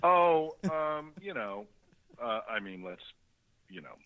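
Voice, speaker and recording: A middle-aged man, a guest actor calling in to a radio show, chatting in a halting way with lots of fillers and restarts. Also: mid-range voice, big pitch swings, smooth. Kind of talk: phone interview on a radio show. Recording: muffled phone line.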